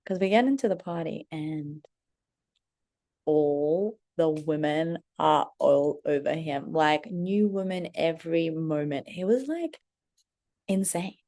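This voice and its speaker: A woman's voice: sits low, takes it slowly, warm tone. A young woman vlogger casually telling a personal story, candid and chatty, peppering it with "like" and acting out her own thoughts. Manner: swears casually.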